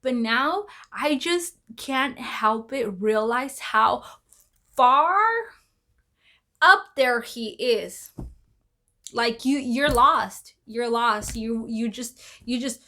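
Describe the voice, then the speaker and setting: A woman with a rather high, bright voice talks in a casual commentary vlog. She rambles and repeats herself, often exclaiming. Her tone is crisp and forceful. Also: drawn-out words, long pauses. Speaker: vlogger.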